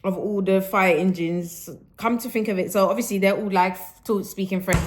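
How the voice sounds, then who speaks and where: Give me a woman vlogging casually at home, animated, slipping into patois. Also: lowish voice, fairly quick, few pauses, noisy background. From Jamaican roots. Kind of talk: casual vlog chat.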